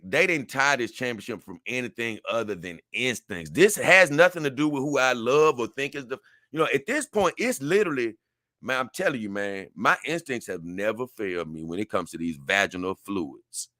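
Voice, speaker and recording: Bright-voiced man rambling on a livestream. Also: medium pitch, no room sound, studio quality. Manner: rambling, animated, laughs often, reads chat aloud. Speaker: livestream host reading viewer comments. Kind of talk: casual livestream chat.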